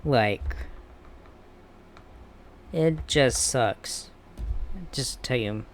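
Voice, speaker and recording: A man's voice: mid-range voice, drawn-out words, a little hiss or hum. A man ranting bluntly and with heavy swearing in a casual wrestling commentary vlog. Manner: blunt, profane, heated ranting.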